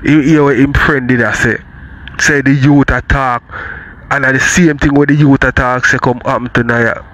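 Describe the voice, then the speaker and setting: A man talks emphatically, recounting what others said, in a middle-pitched voice. The sound is dull and lo-fi, played back from another clip. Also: steady tone, normal speed, a bit bright. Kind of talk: casual talk from a played clip.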